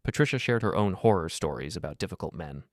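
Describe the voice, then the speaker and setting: Man, very low voice, dry close sound, calm story narration. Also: fast talker, dry recording. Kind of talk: first-person story narration.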